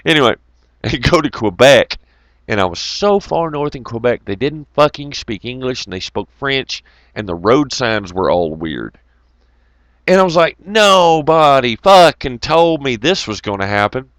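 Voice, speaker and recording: A man with a drawl rambles through stories to his viewers, swearing freely and joking as he goes. His voice rises and falls in a lively, animated way, and the sound is dry and close. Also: mid-range voice, normal speed, dry recording. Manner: profane, rambling, jokey, greets chat viewers. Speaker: channel host. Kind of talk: casual rambling storytelling to viewers.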